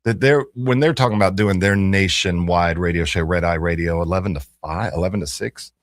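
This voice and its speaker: A man's voice: sits low, a little fast, no echo, clean studio sound. A man hosting a morning radio talk show, chatting casually and rambling a little, with plenty of self-corrections. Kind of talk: casual on-air chat. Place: radio studio. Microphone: studio microphone.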